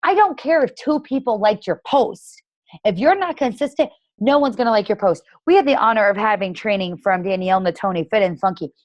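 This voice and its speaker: A woman's voice: mid-range voice, expressive, brisk, a little mellow, no echo, muffled recording. A woman leading a motivational team call for her fitness coaches, talking in a blunt, emphatic, casual way with lots of "like" and "literally".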